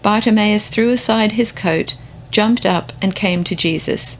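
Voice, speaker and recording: A woman reading scripture aloud in a slow, contemplative, measured way. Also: mid-range voice, creaky, a little hiss or hum. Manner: measured, unhurried. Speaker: scripture reader.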